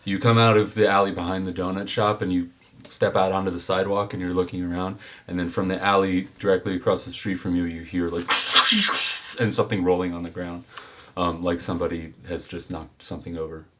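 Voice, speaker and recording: A deep-voiced man narrating a tabletop game as its game master. He speaks in a laid-back, rambling way and fills the gaps with plenty of ums and uhs. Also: level tone, fairly quick, a bit bright.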